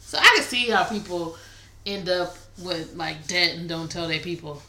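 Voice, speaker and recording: A young woman co-hosting a casual podcast chat, frank and quick to laugh, swearing casually. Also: fairly low pitch, bright, forceful tone, a little hiss or hum. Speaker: podcast co-host. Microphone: studio mic at a table. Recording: roomy echo.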